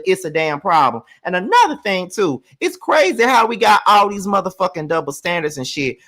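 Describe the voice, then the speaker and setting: A man hosting a live review of a reality show, talking bluntly and profanely in animated rants that climb to shrill exclamations when he gets worked up. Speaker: reality TV recap host.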